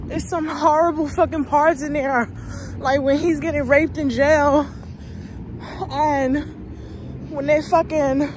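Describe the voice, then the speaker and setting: A woman's voice: high voice, noisy background. A woman vlogger giving a heated, profane, emotional movie rant straight to her viewers, talking casually to a phone camera outdoors.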